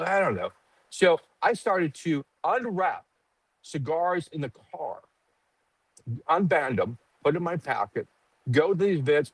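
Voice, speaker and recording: Animated swearing storyteller, middle-aged man. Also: fairly high pitch, a little slow, no room sound, rough recording. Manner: animated storyteller, acts out quotes, swears freely. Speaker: cigar company guest. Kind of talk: casual podcast chat.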